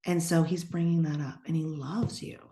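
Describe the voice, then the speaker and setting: A middle-aged woman from the eastern United States, a psychic medium who talks bluntly and sassily and drops into hushed whispers when quoting others. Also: sits low, fairly even intonation, normal speed, echoey room. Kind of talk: casual podcast conversation.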